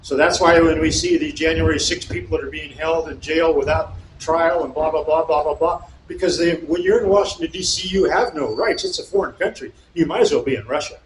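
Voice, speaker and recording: A man with a slightly high voice reads passages aloud and then argues over them, getting indignant and mocking as he goes. He sounds like he's in a roomy, echoing space with faint noise in the background. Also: brisk, few pauses. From California. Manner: fired-up and indignant, rising to shouts; mocking asides. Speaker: speaker at a local meeting. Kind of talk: talk to an audience, reading aloud and explaining.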